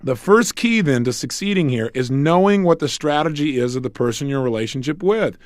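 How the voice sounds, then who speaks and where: A man's voice: a little high, lively intonation, fairly quick, no echo, studio quality. A middle-aged man giving a motivational self-help lecture, emphatic, asking rhetorical questions and acting out bits of dialogue.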